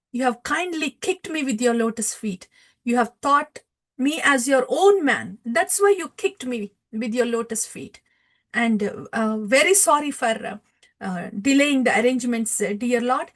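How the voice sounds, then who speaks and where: A devoted man speaks fervently in a high, raised voice, as a woman lecturer acts him out. He is humble and earnest. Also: expressive, a little slow. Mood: pleading. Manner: fervent, pleading.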